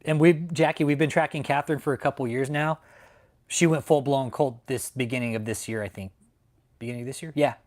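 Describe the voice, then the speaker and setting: A Texas channel host goes on an angry livestream rant from his San Antonio home, heated and profane, cursing heavily and repeating his threats. He speaks at medium pitch with a steady, darkish tone, a little fast.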